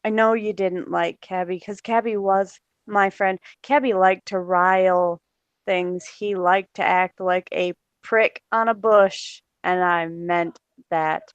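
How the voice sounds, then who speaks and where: A man's voice: high-pitched, steady tone, takes it slowly, a bit bright, smooth, no echo, dull audio. A man on a livestream, bitterly and sarcastically ranting with some swearing. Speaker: livestream co-host. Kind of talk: angry livestream rant.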